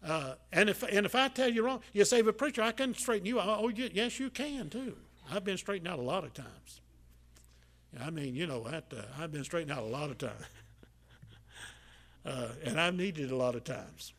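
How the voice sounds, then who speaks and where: An older man preaching a sermon as pastor, folksy and repetitive, full of "uh"s, swinging between loud emphatic lines and quiet asides. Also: fairly high pitch, expressive, normal speed.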